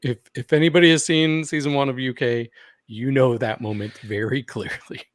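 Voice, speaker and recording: A man co-hosting a casual podcast, talking through a reality show in a relaxed way. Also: mid-range voice, moderate pace, dry recording, clean studio sound. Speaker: podcast co-host. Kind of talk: casual recap chat.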